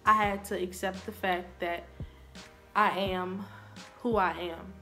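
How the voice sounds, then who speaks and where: A woman's voice: on the low side, fairly even intonation, moderate pace, sharp tone, soft background music. A young woman vlogger telling a personal story to camera in an earnest, confessional way.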